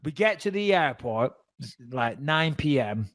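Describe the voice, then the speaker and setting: A man's voice: a little high, a little slow, dry recording. A man, telling a story casually on a podcast and acting out the people he quotes. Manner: animated, acts out quoted dialogue.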